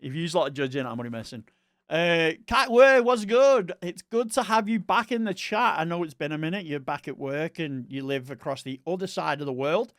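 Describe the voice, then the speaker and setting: A man's voice: on the high side, lively intonation, moderate pace, a bit bright, no echo, clean studio sound. A young man with an East Scottish accent, chatting casually with viewers on a live stream, rambling and friendly with chat. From Scotland.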